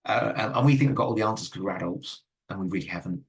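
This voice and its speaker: A man's voice: lowish voice, fast, gravelly. A middle-aged man giving an earnest talk with audience questions, full of fillers and stammered restarts. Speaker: guest speaker.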